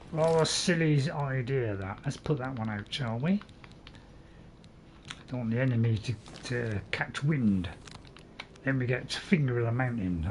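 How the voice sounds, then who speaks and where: A man's voice: mid-range voice, a little hiss or hum. Man, casual game commentary, joking and self-mocking, faint game sounds behind. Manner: chatty, joking, self-mocking, tries silly voices. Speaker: gameplay commentator. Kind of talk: casual let's play commentary.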